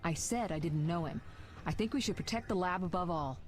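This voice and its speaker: An actress voicing a confident young sorceress in a video game, calm and firm. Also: female voice, fairly low pitch, a little fast, faint music behind, close to an everyday voice. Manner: calm, firm, matter-of-fact. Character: confident young sorceress, cool and self-assured.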